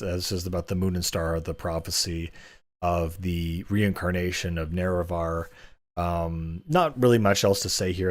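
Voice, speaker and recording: A man casually reviewing and ranking books, rambling with frequent fillers and chuckles. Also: sits low. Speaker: book reviewer. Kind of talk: casual commentary.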